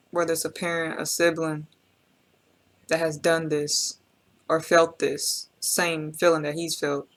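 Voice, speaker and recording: A woman's voice: low-pitched, a bit bright. A woman hosting a reaction video, talking in an emotional, reflective and casual way and speaking straight to her viewers with slang.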